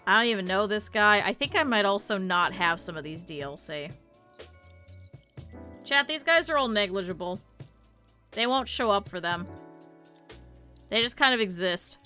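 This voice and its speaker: Woman, streamer, casual chat, blunt, swears freely, bright tone, quiet guitar music underneath. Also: medium pitch, normal speed, pauses often. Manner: blunt, swears freely, animated quoted asides.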